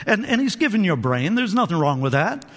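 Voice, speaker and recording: A man's voice: sits high, very animated, quick pace, fairly bright tone, in a large hall. A man preaching a sermon to a church, calling for amens, repeating phrases and restarting his sentences. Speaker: pastor. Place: church hall.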